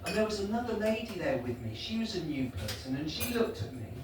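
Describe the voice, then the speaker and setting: A man's voice: high voice, very animated, a little fast. A man in his sixties performing a self-deprecating stand-up set in a small pub room. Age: 60s. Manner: self-deprecating, wry storytelling. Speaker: stand-up comedian. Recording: echoey far-off pub recording with background noise.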